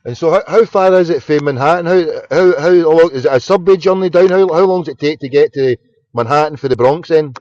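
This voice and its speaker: A Scottish man rambles through a late-night phone-in, tripping over his words and repeating himself as he goes. His voice sits a bit high for a man. The sound is dull and lo-fi, with no room echo. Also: brisk, darkish tone. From Scotland. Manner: rambling, stammering restarts, says mate a lot. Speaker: host of a phone-in. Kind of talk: casual phone chat.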